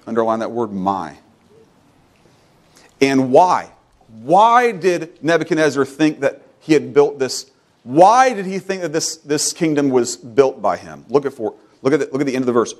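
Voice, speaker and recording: Man preaching, swings from loud high calls to low quiet asides, normal pitch. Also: sing-song, moderate pace. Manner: repeats phrases for emphasis. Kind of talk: sermon.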